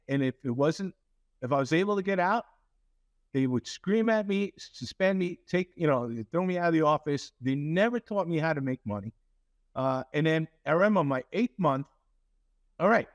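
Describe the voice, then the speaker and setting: A man's voice: fairly high pitch, dry recording. A man, a company CEO, telling a story in an interview with many fillers and restarts, acting out quoted lines.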